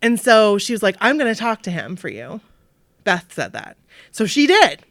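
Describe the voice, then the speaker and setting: A woman's voice: medium pitch, moderate pace, dry recording, studio quality. A woman from Maine co-hosting a podcast, telling a long story in casual chat and acting out the voices of the people in it. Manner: animated storytelling with bright acted-out quotes. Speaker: podcast co-host.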